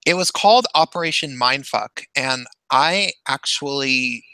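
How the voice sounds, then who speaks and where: A man in his thirties hosting a casual chat, telling a long story in a halting, rambling way with many restarts. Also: medium pitch, lively intonation, pushed and bright, clean tone, no room sound, low-quality recording. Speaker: podcast host.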